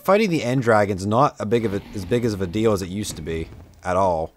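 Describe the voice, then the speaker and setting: Here a young gameplay commentator with a lowish, animated voice talks fairly fast, and there's no echo. The let's-play commentary is casual and chatty, full of jokes at his own expense and abrupt yells at foes.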